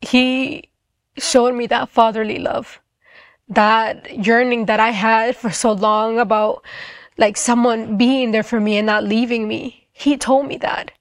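A woman's voice: a little high, fairly even intonation, a little slow, no room sound, clean studio sound. Earnest young woman sharing a testimony. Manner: earnest, reflective storytelling with quoted dialogue. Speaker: testimony speaker. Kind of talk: personal faith testimony.

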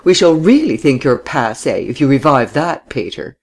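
A man voicing a lively young widow who speaks in high, distinct, teasing tones. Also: moderate pace.

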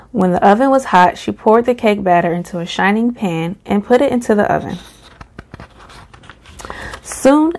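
Woman reading a picture book slowly. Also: mid-range voice, a little mellow. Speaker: storybook reader.

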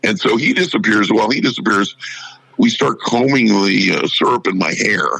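A radio personality telling stories in an interview, casually and with animation, acting out the people in them. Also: male voice, on the low side, moderate pace, vocal fry, bright, forceful tone, breathy edge, dry recording, low-quality recording. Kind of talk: casual storytelling.

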